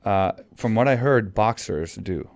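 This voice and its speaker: A man's voice: on the low side, measured pace, a little mellow. A man hosting a podcast in casual chat, rambling with lots of fillers and restarts. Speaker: podcast host.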